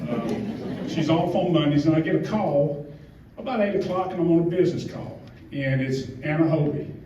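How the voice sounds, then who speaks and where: Picked up by a far-off, roomy microphone that muffles the sound, a middle-aged man from Georgia delivers an emotional acceptance speech full of self-mockery and heartfelt rambling. He speaks at a moderate pace in a fairly high voice against a noisy background.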